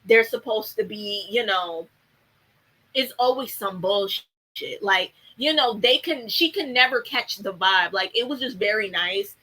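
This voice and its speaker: A woman's voice: mid-range voice, measured pace, pushed and bright, poor audio. A young woman chatting casually about a TV show, blunt and full of fillers and swearing. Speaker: TV show commentator. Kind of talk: casual chat.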